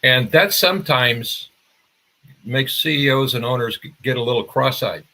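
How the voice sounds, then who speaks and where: Older man, husky, bright, marketing guest, conversational interview. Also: mid-range voice, moderate pace.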